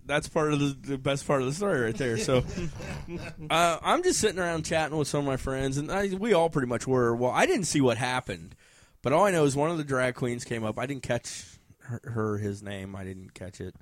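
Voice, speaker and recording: A man's voice: mid-range voice, brisk, no echo. A man telling a casual story, often laughing and acting out what other people said.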